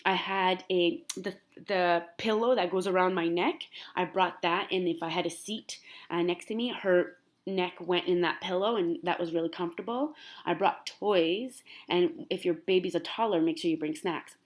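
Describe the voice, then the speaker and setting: A young woman with a slightly low-pitched voice, talking casually to her viewers. She rambles in a chatty, animated way and fills her sentences with "like". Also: moderate pace. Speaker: vlogger. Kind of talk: casual chat to camera.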